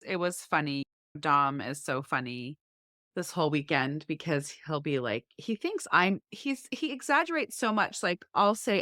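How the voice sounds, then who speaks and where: A woman co-hosting a podcast, telling family stories with lively quoted dialogue. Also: deep voice, moderate pace, dry recording, studio quality. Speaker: podcast co-host. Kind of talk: casual chat.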